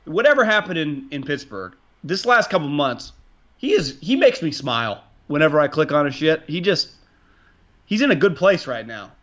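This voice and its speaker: A man's voice: a little high, very animated, normal speed, fairly bright tone, dull audio. A man hosting a casual sports podcast, rambling and restarting his sentences, with frequent swearing. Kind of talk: casual sports talk with profanity.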